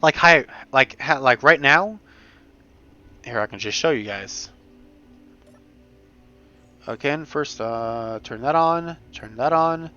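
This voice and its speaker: A man giving casual commentary while playing a game, rambling with many restarts and sudden fast bursts. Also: mid-range voice, expressive, bright, forceful tone. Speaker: gamer. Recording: dull home mic recording.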